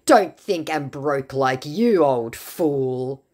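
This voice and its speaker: A man's voice: fairly high pitch, lively intonation, very slow, darkish tone, exaggerated voice. A woman voicing a young male romance scammer, defensive and boastful, speaking in broken English. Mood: angry, insulting. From Nigeria. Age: 20s.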